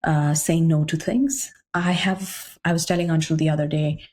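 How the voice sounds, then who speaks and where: A pregnant woman from India, a guest on a podcast, telling stories in a lively way and acting out her own past remarks. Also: deep voice, normal speed. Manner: animated storyteller, often acting out remarks she once made. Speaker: guest entrepreneur. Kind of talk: casual podcast chat.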